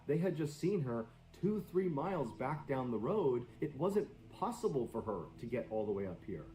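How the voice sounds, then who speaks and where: Man telling scary stories, lively pitch. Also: moderate pace, few pauses, reverberant, faint music behind, low-quality recording. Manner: dramatic, suspenseful delivery. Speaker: streamer. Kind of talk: storytelling on a live stream.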